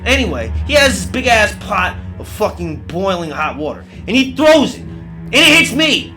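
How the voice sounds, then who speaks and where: Brief: man, lively swearing storyteller, pitch leaps around, music under him. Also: moderate pace. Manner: profane, animated, yelps and cries out in pain. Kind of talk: comic horror storytelling.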